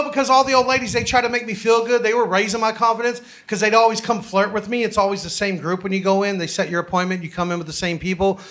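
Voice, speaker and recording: A man's voice: high-pitched, a bit bright, a little hiss or hum. A man doing a stand-up set in a comedy club, telling a story loosely and building to exasperated punchlines.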